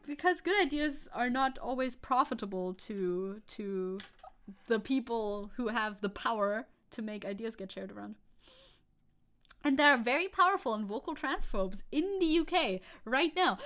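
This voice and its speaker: Opinionated woman streamer, high-pitched. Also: expressive, normal speed, a bit bright. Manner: opinionated, swears casually, laughs often. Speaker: VTuber streamer. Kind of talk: casual chat reading news and chat.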